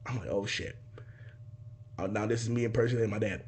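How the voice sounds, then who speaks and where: A man's voice: mid-range voice, normal speed, breathy edge. A young man casually telling a personal story, swearing freely and acting out other people's voices and sound effects. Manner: animated, profane, acts out voices and sound effects.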